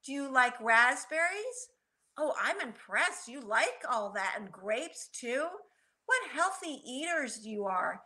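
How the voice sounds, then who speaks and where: A woman author reading a picture book aloud to children at storytime, animated and stopping often to ask them questions. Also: sits high, slow pace.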